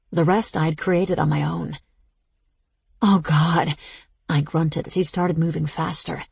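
A woman narrating an audiobook in the first person, slow and intimate, with a low, very breathy voice and a gravelly edge. The sound is close and dry. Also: a little mellow, dry recording.

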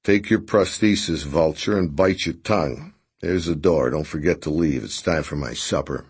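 A man voicing a brash, rough-talking man who speaks bluntly and loudly. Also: rumbling low, normal speed, exaggerated voice. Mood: brusque. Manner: loud, brusque, boisterous.

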